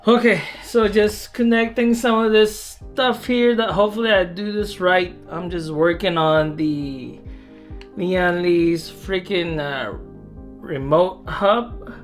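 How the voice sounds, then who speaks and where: A chatty adult in their thirties vlogs from home in an unhurried, drawn-out way at a mid-range pitch. The talk rambles with plenty of fillers and self-deprecating asides, and an occasional excited whoop breaks through. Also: faint music behind. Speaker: hobbyist vlogger. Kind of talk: casual vlog narration while working.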